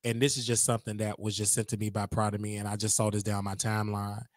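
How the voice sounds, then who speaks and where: A young man hosting a casual livestream, talking in an animated, gossipy way and laughing often. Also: fairly low pitch, fast, no room sound. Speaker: show host.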